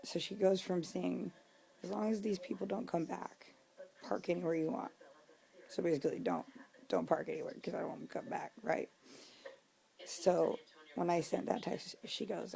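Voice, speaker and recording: A young woman with a deep, heavily gravelly, dark voice, venting in a casual home vlog. She has been drinking, swears freely, and sometimes sinks to a hushed whisper. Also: fairly even intonation, moderate pace, long pauses, low-quality recording. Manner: venting, profane, drops to a whisper. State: drunk. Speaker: vlogger. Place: home, indoors.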